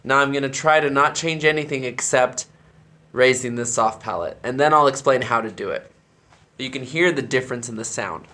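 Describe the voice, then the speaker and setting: A man's voice: mid-range voice, normal speed, sharp tone. A man who directs a church choir, explaining vocal technique in a tutorial and demonstrating the sounds with his own voice.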